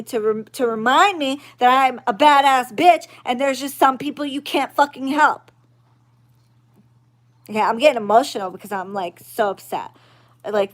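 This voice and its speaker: High pitched witch lady ranting on her vlog, cussing a lot, super emphatic, always going okay?. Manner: blunt, profane, emphatic, keeps asking "okay?". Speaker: witch and spiritual reader. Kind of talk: venting vlog monologue.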